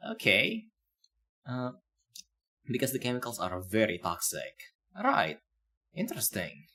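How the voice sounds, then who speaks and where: A man's voice: lowish voice, huge pitch swings, a little slow, pushed and bright. A man streaming live, reacting to a video in a loose, rambling way with many fillers. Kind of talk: casual live-stream commentary.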